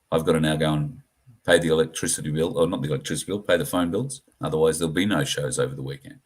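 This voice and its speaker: A middle-aged man with an Australian accent, hosting a livestream and talking earnestly and plainly to his viewers, with frequent pauses and fillers. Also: very deep voice, breathy edge. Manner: earnest, plain-spoken, halting with many fillers. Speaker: livestream host. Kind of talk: casual livestream talk to viewers.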